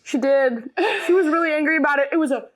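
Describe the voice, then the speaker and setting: A woman's voice: high voice, fast talker. A young woman co-hosting a podcast in casual chat, teasing and giggly. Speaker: podcast co-host.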